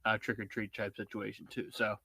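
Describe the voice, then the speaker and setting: Thirties male co-host, bright tense voice, loose filler-heavy chat, dry. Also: on the low side, completely flat delivery, fairly quick, creaky, breathy edge, no room sound. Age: 30s. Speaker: podcast co-host. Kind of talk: casual sports podcast chat.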